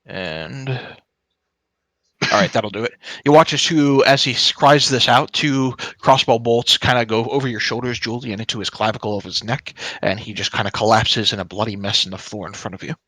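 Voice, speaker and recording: A man runs a tabletop game in a laid-back way, with loose narration and fillers. His voice is bright and forward. The recording is dry, with no room echo. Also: medium pitch, fairly quick. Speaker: game master.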